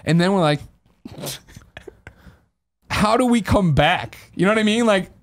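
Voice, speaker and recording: A man's voice: high-pitched, lively intonation, unhurried. A man in his thirties from the American Midwest, a podcast host telling a comic story with lots of laughing and swearing.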